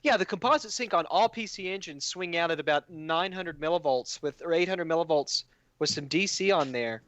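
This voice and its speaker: A man's voice: a little high, a little fast, a bit bright, no echo. A man co-hosting a casual tech talk show, blunt and joking, with a lot of profanity. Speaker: podcast co-host, hardware modder.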